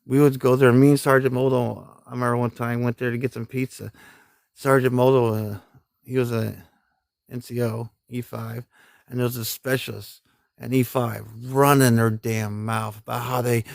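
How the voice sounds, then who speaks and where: A middle-aged man tells rambling army stories on a live stream, full of cussing and laughter. His voice is gravelly and sits at an ordinary pitch. The sound is dry and close. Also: level tone, normal speed, no room sound. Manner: rambling, profane, laughs often, folksy grammar. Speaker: army veteran telling war stories. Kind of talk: casual storytelling on a live stream.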